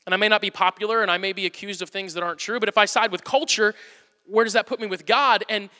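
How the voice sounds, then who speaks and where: High, bright-voiced pastor preaching in a hall. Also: male voice, fast. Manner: energetic, conversational, self-deprecating humor. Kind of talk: sermon. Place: church sanctuary. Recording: long hall reverb.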